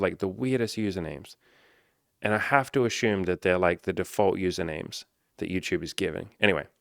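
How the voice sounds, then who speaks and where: A man's voice: lowish voice, fairly bright tone, no echo, clean studio sound. A man giving blunt, casual dating advice to viewers, reading out their comments and answering them, swearing freely. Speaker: dating coach. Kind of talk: casual talking-head advice video.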